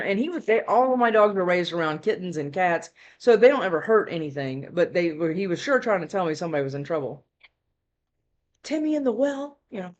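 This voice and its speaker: This is a tarot reader in a relaxed, meandering chat with viewers. The talk runs on with fillers, restarts and frequent tag questions, and the voice sits at an ordinary middle pitch. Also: dull audio. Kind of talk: casual rambling storytelling chat.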